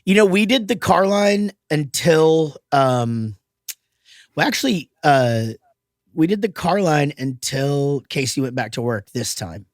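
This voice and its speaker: A man's voice: a little high, expressive, unhurried, no echo, clean studio sound. A man hosting a podcast, chatting casually, rambling with restarts and swearing freely. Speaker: podcast host. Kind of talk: casual chat.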